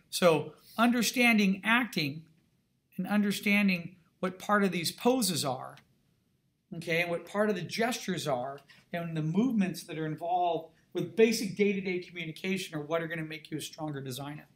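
A man's voice: on the high side, moderate pace, fairly bright tone. A middle-aged man, an art instructor, giving a classroom lecture in an emphatic, conversational way and checking in with his students often.

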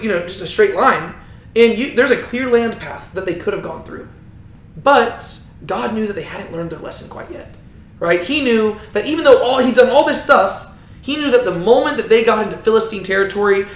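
A man teaching a Bible lesson, telling the story with animation and often checking in with "right?". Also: high-pitched. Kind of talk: teaching talk. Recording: roomy echo.

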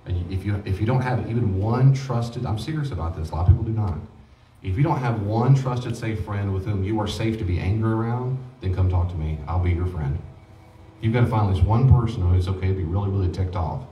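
Man, pastor, conversational sermon, low voice, roomy echo. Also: fairly quick, dark tone, slight background noise. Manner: earnest, repetitive, conversational preaching. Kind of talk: teaching sermon on grief. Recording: echoey room, mic at a distance.

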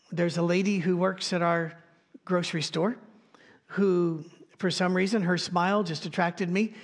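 A man preaching a conversational sermon as pastor, telling folksy stories with asides and light humor. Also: high-pitched. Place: church.

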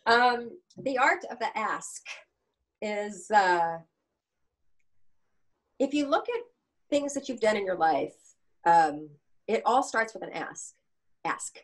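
A woman's voice: medium pitch, takes it slowly, long pauses, low-quality recording. A woman in her sixties, a gymnastics coach and author, telling anecdotes in an interview and acting out the dialogue. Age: 60s. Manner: animated, anecdotal, acts out dialogue. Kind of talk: storytelling interview answer.

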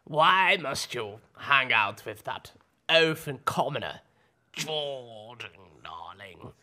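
A man's voice: medium pitch, expressive, slow pace, pushed and bright, voice pushed down, heavily acted. A man doing a haughty posh granny. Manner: haughty, drawling. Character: posh, snobbish elderly grandmother.

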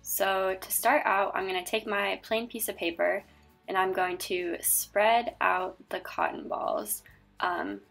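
Bright, gravelly children's church teacher. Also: female voice, medium pitch, animated, slow, faint music behind. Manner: friendly, explains step by step to kids. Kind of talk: children's Bible lesson and craft demo.

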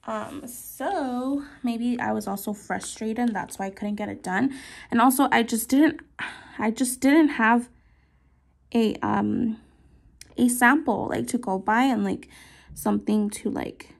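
Young woman, slow and husky with some gravel, a work-along vlogger murmuring as she goes. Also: on the high side. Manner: slow, soft-spoken, often trailing into whispers while concentrating. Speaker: nail artist vlogger. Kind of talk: casual work-along narration.

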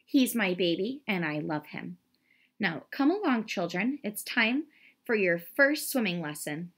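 A woman's voice: medium pitch, very animated, measured pace, slightly rough, full character voice. A woman reading a storybook aloud, voicing a loving but firm mother duck who coaxes and scolds her ducklings. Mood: firm, caring. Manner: warm motherly scolding and coaxing.

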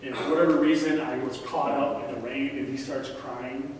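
A man in his forties preaches as a guest in a large church sanctuary, keeping it conversational while repeating key lines and pleading with the congregation. His medium-pitched voice is fairly even and darkish, at a moderate pace, captured from far off in an echoey hall with faint noise.

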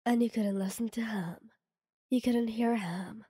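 A woman reading her own fan story aloud in a soft, half-whispered voice. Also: fairly high pitch, steady tone, unhurried, breathy edge, dry recording, studio quality, long reverb tail.

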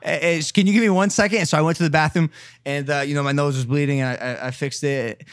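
A man's voice: on the high side, fairly even intonation, fast talker, no echo, studio quality. A young man co-hosting a podcast who tells a rambling, crude, self-mocking story with many fillers. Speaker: podcast co-host. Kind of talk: casual storytelling chat.

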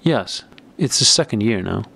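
A man reading as a timid, worried young woman, speaking slowly and quietly. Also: lowish voice, expressive, gravelly, breathy edge, full character voice. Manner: timid, slow and hushed.

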